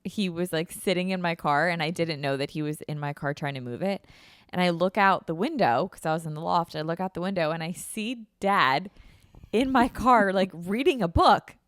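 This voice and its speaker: A woman's voice: fairly low pitch, moderate pace, no room sound. Young woman host, dry close mic. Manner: wry, joking asides. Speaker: podcast host, daughter. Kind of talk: casual chat.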